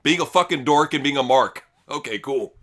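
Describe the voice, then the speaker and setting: A man's voice: medium pitch, lively intonation, moderate pace, a bit bright. A man co-hosting a wrestling news podcast, swearing freely and mocking the people he reads quotes from. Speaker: podcast co-host. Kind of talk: crude casual news chat.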